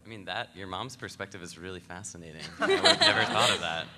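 A man's voice: sits low, wildly swooping pitch, quick pace. A man speaking on a live panel in a rambling way, full of "like.". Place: convention hall stage. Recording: echoey hall with faint noise.

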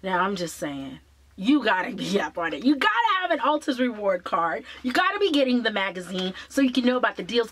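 A woman's voice: fairly high pitch, a bit bright. A woman chatting enthusiastically to her viewers in a casual beauty haul vlog. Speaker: beauty vlogger.

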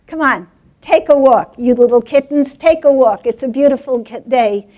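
A woman's voice: high voice, moderate pace, a little mellow, lightly acted. A woman voicing a bossy, cheerful mother cat in a coaxing, emphatic way.

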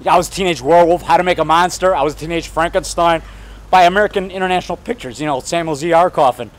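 A man in his fifties rambling excitedly while walking down a town street, talking to camera and calling the viewer brother and man. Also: fairly high pitch. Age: 50s. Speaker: filmmaker vlogging. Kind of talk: rambling outdoor vlog.

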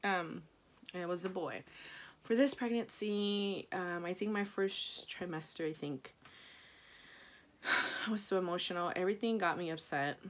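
A young pregnant woman with a Mexican-American accent, chatting casually to camera for her vlog and quoting herself in high, excited bursts. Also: measured pace, pauses often. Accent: Mexican-American English. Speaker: vlogger.

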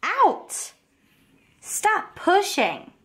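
A woman's voice: very high-pitched, huge pitch swings, very slow, pushed and bright, pitched above the performer's own voice, heavily acted. A woman voicing a fed-up mother pig in a storybook, scolding her children out of the house. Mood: exasperated. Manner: exasperated, scolding.

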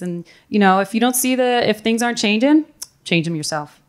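A woman's voice: mid-range voice, expressive, moderate pace, clean tone. A woman on a conference panel, telling her story candidly and acting out what people said to her. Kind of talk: panel discussion. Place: conference room.

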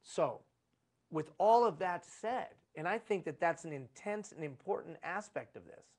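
A man's voice: on the high side, expressive, moderate pace, a little mellow. Preachy man lecturing with repeated emphasis. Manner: preachy, repetitive emphasis with rhetorical questions. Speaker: leadership trainer. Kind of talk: live conference lecture. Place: conference room.

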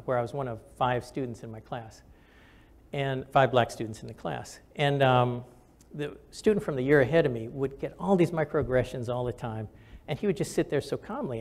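In a mid-range voice, an older man who serves as a physician and military officer tells personal stories to camera. He's earnest and conversational, frequently starting over, in a reflective storytelling mode.

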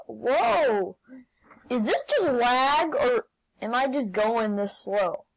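A woman playing a video game and commenting as she goes, excitable, often shouting and laughing. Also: fairly high pitch, takes it slowly, long pauses, rough recording. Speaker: gaming channel host.

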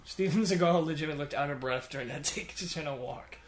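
Casting: quick, fairly high-voiced guy, crude jokey movie-commentary banter, echoey room. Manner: profane, joking, quick riffs. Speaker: podcast co-host. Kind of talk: casual movie commentary chat.

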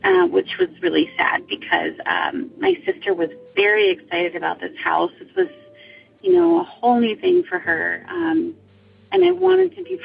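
A young woman casually tells her own ghost story in the first person, hesitant and full of ums and restarts. Her voice is medium-pitched and gravelly, and the slightly dull audio carries faint music.

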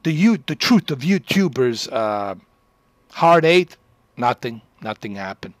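Male streamer, mid-pitched, brags and rambles, dry mic with soft music. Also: sing-song, measured pace, no room sound. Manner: boastful, profane, rambling. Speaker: livestreamer. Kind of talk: rambling livestream chat.

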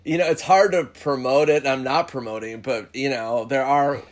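A man's voice: medium pitch, steady tone, moderate pace. A comedian guest chatting casually on a podcast, laid-back and swearing often, sometimes doing funny voices for people in his stories. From Minnesota.

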